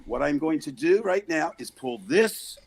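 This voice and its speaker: Gravelly, mocking man ranting. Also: on the high side, very animated, measured pace. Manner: loud, mocking, exasperated ranting. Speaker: podcast host. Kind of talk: comedic political chat.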